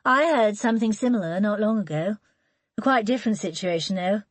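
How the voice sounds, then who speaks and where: A woman voicing a thoughtful woman writer who speaks in a gentle, measured way, in an audiobook reading. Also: medium pitch, dry recording, voice pushed up, natural voice.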